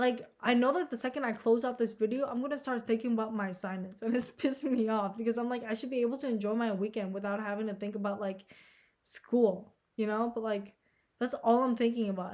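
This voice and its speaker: Young adult woman, slightly high voice, casual anxious vlog ramble, heavy filler and profanity. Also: fairly even intonation, brisk, a little mellow. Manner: anxious, self-deprecating. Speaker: vlogger.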